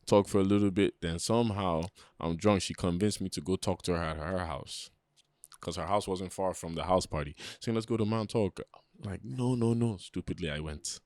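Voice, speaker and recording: Animated young man. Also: sits low, moderate pace, dry recording, studio quality. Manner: animated storyteller, slangy, acts out quoted voices. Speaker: podcast co-host. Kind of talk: casual storytelling chat.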